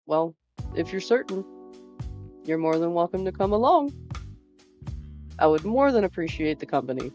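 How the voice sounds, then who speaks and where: A woman voicing a calm, polite man who speaks gently and courteously. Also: on the low side, normal speed, pauses often, soft background music, natural voice. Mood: gentle. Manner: soft-spoken, courteous.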